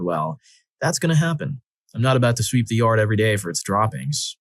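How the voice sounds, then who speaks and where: Low-voiced man narrating stories, dry sound. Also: fast, no room sound. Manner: expressive, dramatic reading with acted quotes. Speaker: story narrator. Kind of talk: scripted narration of reader stories.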